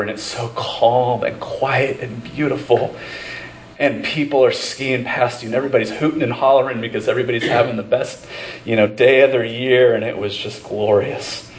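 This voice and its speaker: A man's voice: medium pitch, steady tone, moderate pace, roomy sound, poor audio. A man preaching a sermon as pastor, telling personal stories in a conversational way with many fillers and restarts. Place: church sanctuary.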